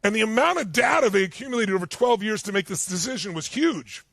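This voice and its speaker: A man giving a motivational seminar speech to a live audience, telling stories in an emphatic, animated way. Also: sits high, fast, creaky, dry recording. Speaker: motivational speaker. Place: stage before a live audience.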